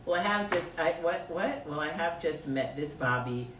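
A woman's voice: sits low, animated, normal speed. A woman hosting a podcast and reading out live chat comments, laughing and teasing in loose slang. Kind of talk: casual chat. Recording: roomy echo, distant mic, faint noise.

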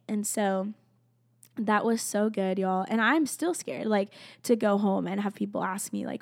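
A woman's voice: mid-range voice, fairly even intonation, moderate pace, vocal fry, no room sound. A young woman, a college student, sharing a personal faith testimony in casual speech. She is earnest and heartfelt, often near tears, and says "like" constantly. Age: young adult. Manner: emotional, close to tears at times.

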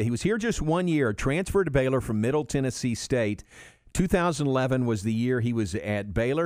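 A man hosting a sports broadcast, recapping an athlete's career in a steady, informative way. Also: mid-range voice, clean tone, dry recording, clean studio sound. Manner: informative, steady, fact-listing. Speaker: radio host.

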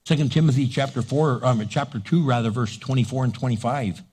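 Husky, loud, animated male preacher. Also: medium pitch, a little fast. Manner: animated, loud preacher acting out voices for laughs. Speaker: pastor. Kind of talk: sermon.

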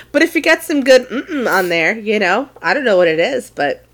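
A woman co-hosting a podcast, playful and a little halting in casual, suggestive chat. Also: on the high side, sing-song, fairly bright tone. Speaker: podcast co-host.

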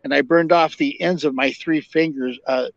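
An older man, a podcast guest and former fire captain, telling long stories in a halting way with many fillers and restarts. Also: fairly high pitch, fairly even intonation, creaky, no echo. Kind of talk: storytelling interview. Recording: dull lo-fi dry sound.

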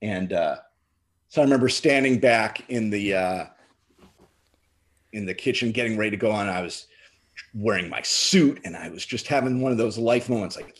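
A man with a husky, slightly breathy voice tells a story from his gigging past in a relaxed, chatty way. He slips into animated voices for the people in his anecdote. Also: fairly low pitch, moderate pace, pauses often. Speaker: drummer and co-host. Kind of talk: casual storytelling.

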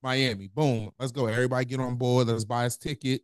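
A man's voice: mid-range voice, little pitch movement, fast, smooth, no echo. A young man with a Mississippi accent chats casually as a podcast co-host, rambling through stories with plenty of slang. His voice sits mid-range and sounds close and dry, with little room around it. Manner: laid-back, rambling storytelling with slang.

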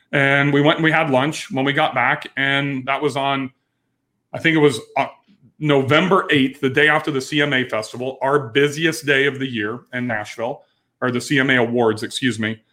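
A man's voice: medium pitch, a bit bright. A man in his forties, a business owner telling his story frankly in an interview, with frequent restarts. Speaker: entrepreneur guest.

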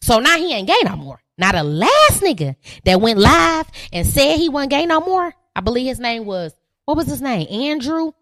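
Woman podcast host, high voice, dry close sound, profane and preachy. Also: sing-song, normal speed, fairly bright tone, dry recording. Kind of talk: live podcast commentary.

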